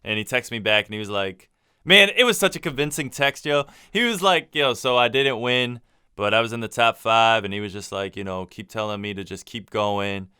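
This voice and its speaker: A man's voice: fairly low pitch, expressive, moderate pace, sharp tone, clear, resonant tone, no echo. A young man co-hosting a casual podcast, teasing his friend with dry humor. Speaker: podcast co-host.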